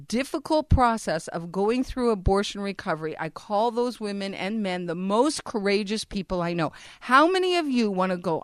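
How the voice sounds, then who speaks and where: A woman's voice: medium pitch, clear, resonant tone, no echo, studio quality. A woman speaking earnestly to a church audience about abortion recovery, often asking them questions. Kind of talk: conversational church talk.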